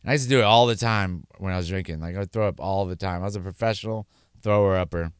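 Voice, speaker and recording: A man's voice: low-pitched, quick pace, smooth, no room sound, clean studio sound. A man sharing his personal testimony, earnest and repeating words for emphasis. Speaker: speaker sharing his sobriety story.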